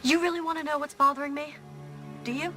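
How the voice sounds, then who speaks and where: A woman's voice: high voice, steady tone, quick pace, over music, lightly acted. An actress playing a distraught teenage girl lashing out bitterly at her mother in a TV drama scene. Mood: bitter, shouting. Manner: shouting, bitter. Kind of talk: TV drama acting.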